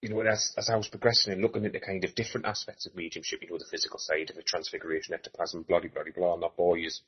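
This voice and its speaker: A low-voiced English man, a medium, talks in a rambling, reflective way with plenty of fillers. His tone is husky, and the recording sounds dull and lo-fi. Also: flat delivery, very fast. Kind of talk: reflective conversation at a live talk.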